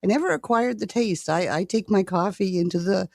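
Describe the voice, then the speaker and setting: A woman's voice: medium pitch, fairly quick, vocal fry, a little mellow, no echo. Canadian woman in her 60s, retired guest, giggly and restarting, dry close sound. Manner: laughs often, repeats words as she starts sentences. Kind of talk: casual interview chat.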